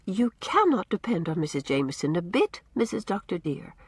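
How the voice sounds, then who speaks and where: A woman's voice: lowish voice, sing-song, normal speed, breathy edge, no room sound. A woman voicing a prim, solemn old housekeeper. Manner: formal, shocked, solemn.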